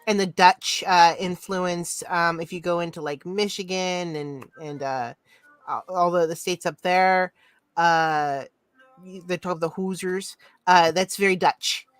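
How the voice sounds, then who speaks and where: Low-voiced woman in dry podcast chat. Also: steady tone, measured pace, no echo. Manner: thoughtful, explanatory. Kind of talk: casual chat.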